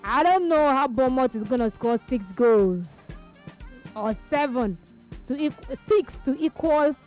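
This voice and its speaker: A woman hosts a radio sports talk show, brisk and chatty as she takes calls. Her voice sits high, and faint music plays underneath. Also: warm tone.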